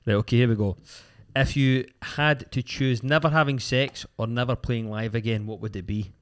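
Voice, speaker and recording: A man's voice: medium pitch, fairly even intonation, moderate pace, clear, resonant tone. A man with a Scottish accent co-hosting a podcast in casual chat, jokey and teasing. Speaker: podcast co-host.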